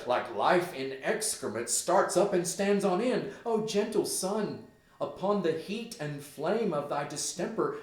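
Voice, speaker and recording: A man's voice: fairly high pitch, a little mellow, voice pushed up. A man reading the part of a frightened queen mother who fears for her son, speaking in a raised, anxious voice. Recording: roomy echo.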